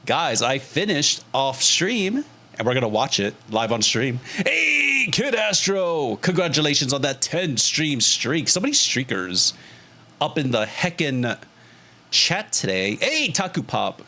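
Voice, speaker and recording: Young male streamer, mid-pitched, animated and quick to laugh, casual swearing, close desk mic. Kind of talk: casual livestream chat to viewers.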